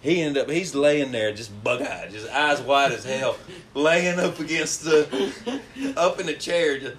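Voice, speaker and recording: A man's voice: mid-range voice, a little slow, a crowd in the background. A young man, casually telling a rambling story and laughing through it.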